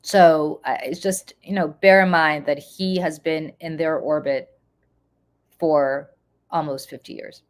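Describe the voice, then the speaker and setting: Congested low-voiced woman. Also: steady tone, unhurried. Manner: chatty, addresses viewers in the chat, frequent ums. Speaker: political commentator hosting a live show. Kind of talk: casual live-stream political commentary.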